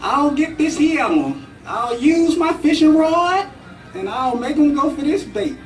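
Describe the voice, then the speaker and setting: A man's voice: very high-pitched, big pitch swings, measured pace, faint music behind, pitched above the performer's own voice, full character voice. A man doing a folksy dog catcher. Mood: calm. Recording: echoey room, from far off.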